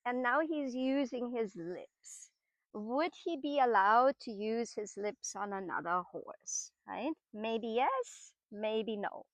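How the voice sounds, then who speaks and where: A middle-aged woman teaching horsemanship. She explains each step patiently and keeps checking in with her listeners. Her voice sits a little high and sounds dry and close. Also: slow, no echo. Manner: patient, explanatory, with frequent tag questions. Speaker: horsemanship trainer. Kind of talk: explanatory teaching talk while working horses.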